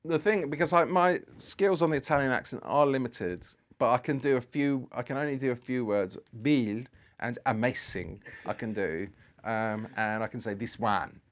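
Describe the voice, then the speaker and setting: A man's voice: medium pitch, fairly quick, few pauses. A British man telling stories as a guest on a podcast, rambling along with lots of fillers and restarts. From Britain. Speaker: guest photographer. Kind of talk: anecdotal podcast storytelling.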